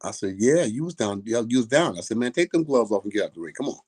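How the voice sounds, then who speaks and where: Older trainer, profane and vivid. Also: male voice, mid-range voice, expressive, quick pace, darkish tone, breathy edge. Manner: profane, acts out the quoted voices. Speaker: boxing trainer. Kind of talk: casual storytelling.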